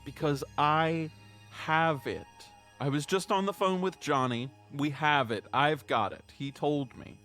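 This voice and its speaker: A man's voice: on the high side, unhurried, fairly bright tone, soft background music, pitched below the performer's own voice. Man playing a haughty young star. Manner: haughty, self-assured, dismissive. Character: vain young male celebrity performer, arrogant and spoiled.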